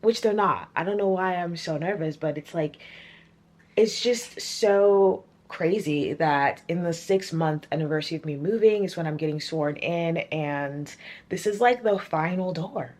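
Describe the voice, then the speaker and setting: A young woman chatting casually to camera in a vlog, animated and laughing often. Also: on the low side, unhurried. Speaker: vlogger.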